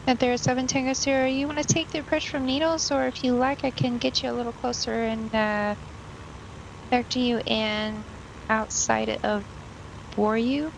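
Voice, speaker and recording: A woman working as air traffic controller, giving brisk, clipped radio calls. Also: on the high side, fairly even intonation, gravelly, low-quality recording.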